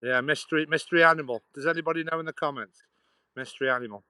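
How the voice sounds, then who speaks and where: A man's voice: fairly high pitch, racing, pushed and bright, smooth, no room sound, poor audio. Chatty Potteries-accented man walking outdoors. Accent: Stoke-on-Trent Potteries, dropped H's. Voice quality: chatty, laughing, restarting phrases. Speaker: vlogger live-streaming a walk. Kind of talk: rambling live-stream chat to viewers. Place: outdoors on a muddy canal-side path. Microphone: phone held while walking.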